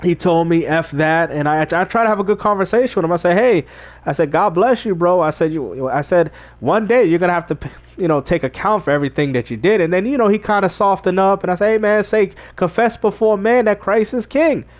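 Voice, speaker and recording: A man's voice: sits high, fairly quick. A man streaming a game while talking casually to his chat, preachy and emphatic. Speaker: gaming streamer. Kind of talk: casual livestream talk.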